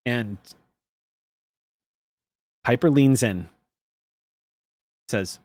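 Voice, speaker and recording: A man's voice: mid-range voice, normal speed, pauses often, fairly bright tone. Man running a tabletop game. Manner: casual and profane. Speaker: game master.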